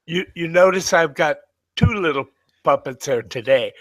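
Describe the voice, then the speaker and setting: A man's voice: on the high side, moderate pace, no echo, dull audio. Older man joking drily. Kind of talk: casual chat.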